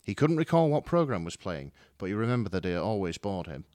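A man's voice: on the low side, sing-song, a little fast, a little mellow, dry recording. A man reading a fan story aloud with dramatic, wry narration. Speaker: story reader. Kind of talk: expressive fan fiction reading.

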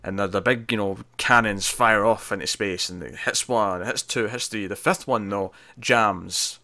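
A man's voice: on the low side, normal speed, pushed and bright, no room sound. A man co-hosting a podcast, casually and animatedly retelling a TV episode and acting out what the characters say. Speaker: podcast co-host.

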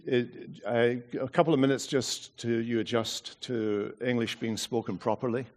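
A man's voice: medium pitch, fairly even intonation, moderate pace, a little mellow. A man with a Scottish accent giving a sermon, joking drily and then reading scripture aloud. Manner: joking, dry humor before reading. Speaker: preacher. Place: university hall.

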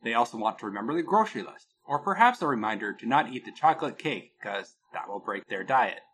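A man co-hosting a casual podcast, telling a product story with a lot of pitch movement and laughing at his own jokes. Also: sing-song, quick pace, fairly bright tone, a little hiss or hum. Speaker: podcast co-host.

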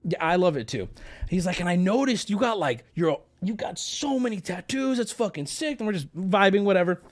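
A man hosting a livestream, telling a story to chat in a casual, animated way, swearing and breaking into yelling. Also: sits high, brisk. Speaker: livestream host.

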